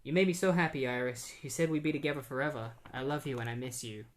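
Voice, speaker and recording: A podcaster reading the lines of a grieving male superhero speaking to his late wife, in a soft, tender manner. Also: medium pitch, fast talker, natural voice.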